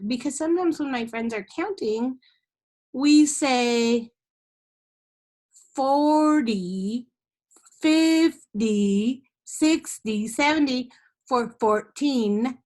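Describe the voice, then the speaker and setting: A patient woman teacher walks young kids through a math lesson in an online class, recorded on a computer mic. Her voice sits a little high and she talks slowly, breaking into sing-song chants and checking in often.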